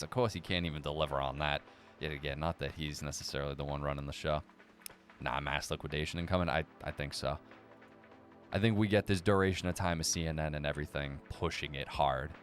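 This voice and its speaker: A man's voice: rumbling low, a little fast, a bit bright, faint music behind. A man hosting a casual livestream, reading viewer chat and answering with profane, sarcastic banter.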